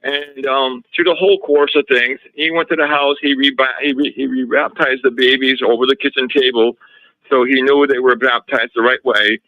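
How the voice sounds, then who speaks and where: A man being interviewed as a guest, telling a story from his own home in a casual, animated way, with frequent restarts and retold dialogue. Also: mid-range voice, moderate pace, no echo. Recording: slightly dull lo-fi audio.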